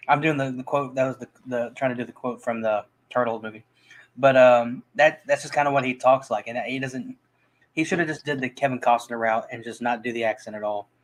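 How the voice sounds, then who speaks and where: A man's voice: medium pitch, fairly even intonation, fairly quick, rough recording. A man reviewing movies in a casual, rambling chat, full of restarts and fillers.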